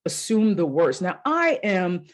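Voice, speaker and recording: A woman's voice: lowish voice, measured pace. A woman life coach hosting a solo podcast, telling personal stories in a casual, candid way with the odd swear word and acting out her own inner voices. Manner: animated storyteller who acts out her own inner voices.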